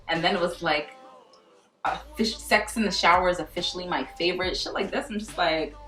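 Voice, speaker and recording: A young woman telling a profane, animated storytime vlog and acting out quoted dialogue. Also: on the low side, brisk. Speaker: vlogger. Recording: echoey room from far off with faint music.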